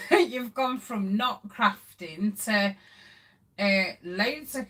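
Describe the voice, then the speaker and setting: A woman's voice: mid-range voice, animated, drawn-out words, bright, forceful tone. A middle-aged woman hosting a casual craft live stream, chatting with viewers and reading their comments with plenty of ums. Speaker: craft channel host.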